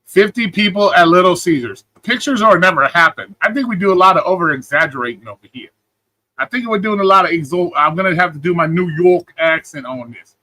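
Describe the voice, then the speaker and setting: A man running a casual live stream, answering clips and chat with blunt, repetitive jabs. His voice is bright and forceful and sits a bit high for a man. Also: lively intonation, a little fast, rough recording.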